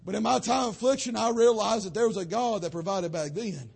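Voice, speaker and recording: Young male pastor, husky and raspy, fiery preaching cadence. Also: brisk. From western North Carolina. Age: young adult. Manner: preaching cadence, swelling to shouts then dropping low. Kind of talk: sermon.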